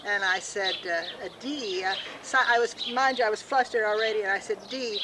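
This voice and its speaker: An older woman outdoors in a backyard, chatting and telling an anecdote to family on a home video, animated when she quotes herself. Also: medium pitch, moderate pace, noisy background. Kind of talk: casual home video chat. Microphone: home video camera.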